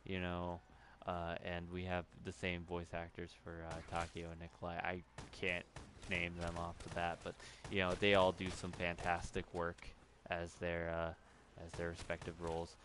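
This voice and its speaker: Male gaming commentator, deep voice, loose and rambling, full of ums and restarts, occasional swearing, faint background noise. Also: monotone, unhurried. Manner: rambling, many fillers and restarts, swears when losing his train of thought. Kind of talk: casual gameplay commentary.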